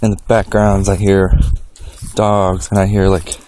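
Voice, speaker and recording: A very deep-voiced man speaks slowly and haltingly, pausing to search for words as he describes what he senses. He is recorded outdoors among trees on a handheld recorder, with a faint hiss of background noise. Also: monotone, a little mellow. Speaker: psychic. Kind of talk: recorded on-site impressions. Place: outdoors in a wooded cemetery.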